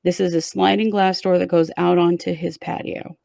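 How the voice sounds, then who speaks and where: Woman host telling a true crime case to her cohost, gravelly, dark mellow tone, dry sound. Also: lowish voice, little pitch movement, moderate pace, dry recording. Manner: conversational, recounts events step by step. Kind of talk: casual case retelling to a co-host.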